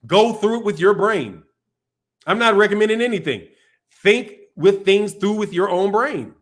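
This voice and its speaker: A man's voice: sits high, normal speed. A man hosting a casual live stream, talking loosely and rambling, dropping slang like dog and man while he reads viewer chat. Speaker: boxing channel host.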